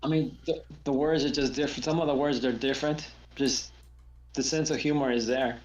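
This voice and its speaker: A man's voice: medium pitch, fairly even intonation, a little fast, roomy sound, muffled recording. A man chatting casually as co-host, laid-back, often repeating himself. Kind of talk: casual chat.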